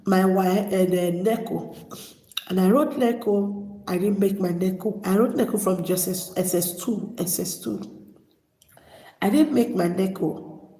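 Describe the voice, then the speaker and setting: A Nigerian woman vlogger telling her personal story, emotional and halting, holding back tears. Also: mid-range voice, a little mellow. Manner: emotional, halting, many restarts. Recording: echoey hall with long reverb.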